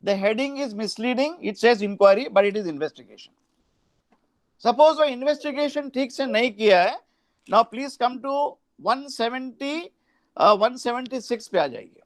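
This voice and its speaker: Indian English man, law lecture, reads out statutes, high pitch. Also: animated, fast, no room sound. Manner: reads statute aloud, mixing in Hindi asides. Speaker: law professor.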